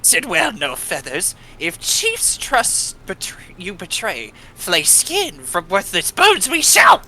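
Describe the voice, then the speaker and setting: A woman voicing a menacing male bird-man elder who makes low, hushed threats in backwards word order. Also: wildly swooping pitch, slow pace, exaggerated voice.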